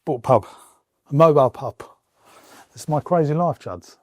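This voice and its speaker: A man with a slightly high, darkish voice speaks at a normal pace with lively intonation, recorded without echo. He's an entrepreneur vlogger walking around his farm and warehouses, chatting to viewers in an enthusiastic, casual way.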